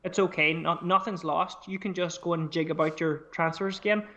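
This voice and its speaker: A man co-hosting a podcast in casual chat, chatty and animated, swearing freely as he talks. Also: fairly high pitch, brisk, lo-fi sound, a little hiss or hum. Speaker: podcast co-host.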